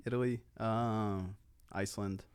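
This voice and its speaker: A man's voice: on the low side, steady tone, unhurried, smooth, no echo. A young man chatting casually as a podcast guest, laid-back and hesitant, often trailing off mid-thought. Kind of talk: casual chat.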